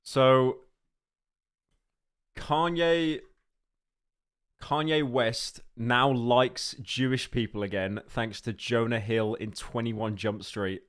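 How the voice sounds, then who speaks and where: Here a man with a medium-pitched, fairly even voice takes things slowly and pauses often while chatting casually on a livestream from home. He's joking and sarcastic, rambling, stammering and repeating himself into a desk mic as faint game music plays behind him.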